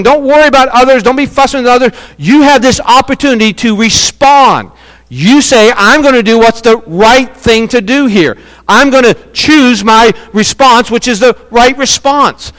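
A man preaching a sermon as pastor, emphatic and repeating key words with long pauses. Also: sits high, a bit bright, in a large hall.

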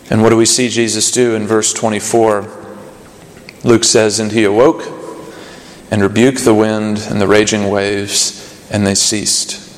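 A man's voice: fairly low pitch, little pitch movement, unhurried. A man preaching a sermon, earnest and building to urgent questions, with fillers and restarts. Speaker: pastor. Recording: echoey hall reverb.

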